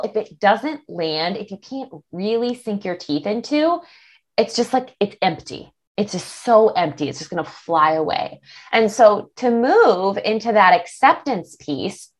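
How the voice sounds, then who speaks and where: A woman with a mid-range voice chats casually as a body image coach. She is animated and now and then acts out what her clients think to themselves. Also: medium pitch. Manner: animated, acts out quoted thoughts. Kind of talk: casual interview chat.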